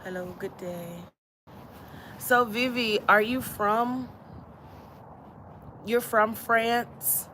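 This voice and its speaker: A woman's voice: a little high, extremely slow, long pauses, pushed and bright, slight background noise. A woman from Alabama with a Southern accent, hosting a casual livestream chat, easygoing and laughing often as she repeats her phrases. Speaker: livestream host.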